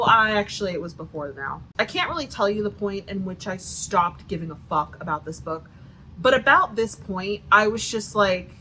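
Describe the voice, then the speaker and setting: A woman with a Southern US accent rants sarcastically through a book review, swearing a lot and packing in "like" fillers. Her voice is medium-pitched, bright, and forceful, and the low-quality recording has slight background noise.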